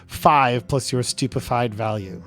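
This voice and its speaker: Casting note: casual game master, mid-pitched man with faint music behind. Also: a little slow, pushed and bright. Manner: casual, laughing, reads rules. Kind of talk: narrating a tabletop game.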